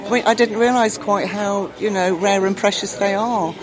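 A woman's voice: medium pitch, steady tone, moderate pace, crowd noise. A middle-aged woman, a dog owner being interviewed, talking with gushing enthusiasm. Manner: enthusiastic, gushing, acts out voices. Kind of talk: casual interview chat. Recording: busy crowded exhibition hall.

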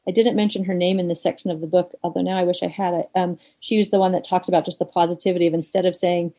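A middle-aged woman speaks as an interview guest, reflective and thoughtful, scattering fillers as she works through her ideas. Her voice sits a little low and has a warm, mellow tone. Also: level tone, fast, low-quality recording. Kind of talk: conversational interview.

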